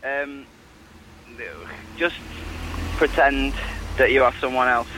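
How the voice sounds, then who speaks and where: A man's voice: medium pitch, steady tone, slow pace, background noise. A man calling into a chat show, a stage actor who gives hesitant, brief answers. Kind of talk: casual chat.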